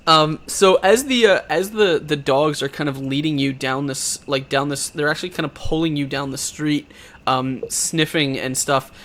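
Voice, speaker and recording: A man's voice: a little high, moderate pace, fairly bright tone. A man narrating a tabletop game as game master, rambling with many restarts.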